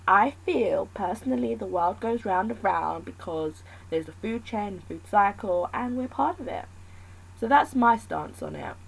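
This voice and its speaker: A woman's voice: on the low side, creaky, poor audio. A woman talking alone in a casual, candid chat, thinking aloud and rambling between points.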